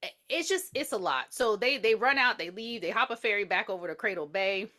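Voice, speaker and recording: This podcast co-host speaks at a fairly quick clip in a mid-range voice. Retelling a film, she keeps things loose and profane, animatedly performing each character's dialogue along the way.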